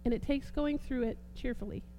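A woman preaching a sermon, fervent, repeating phrases and swinging between soft and emphatic delivery. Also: a little high, a little fast, lo-fi sound, a little hiss or hum.

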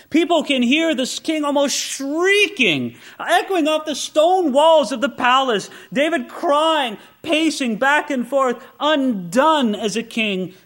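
Male preacher, high bright voice, impassioned sermon delivery. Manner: impassioned, swings between loud exclamation and quiet intensity. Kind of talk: expository sermon.

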